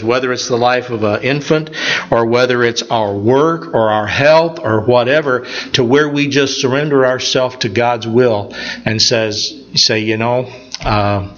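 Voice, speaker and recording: A man preaching a sermon, retelling a scripture story in a conversational, animated way. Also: medium pitch, highs cut off.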